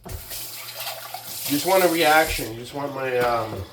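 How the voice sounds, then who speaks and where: A man's voice: medium pitch, takes it slowly, reverberant, background noise. A man in a casual vlog rant, boastful and taunting, who keeps tagging his sentences with "right?" and "man". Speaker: weightlifting vlogger.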